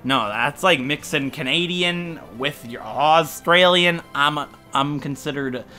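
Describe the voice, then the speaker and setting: A man's voice: fairly high pitch, takes it slowly, bright, forceful tone. A young man from Ohio giving casual, jokey commentary as he plays a video game and talks to his viewers. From Ohio, USA. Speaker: let's play gamer. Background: faint game music.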